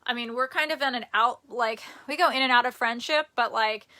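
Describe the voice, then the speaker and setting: A young woman from the United States chatting casually on a live stream at home, self-deprecating and quick to laugh. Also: on the high side, sharp tone. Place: indoors at home near a bed. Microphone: phone or camera on a tripod.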